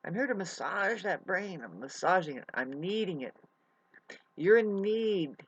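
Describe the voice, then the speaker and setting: A woman's voice: lowish voice, expressive, normal speed, fairly bright tone, breathy edge, lo-fi sound. A woman doing a rambling, improvised comic monologue in a put-on, hammy mock accent, with theatrical exclamations and sudden swearing. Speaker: comedian.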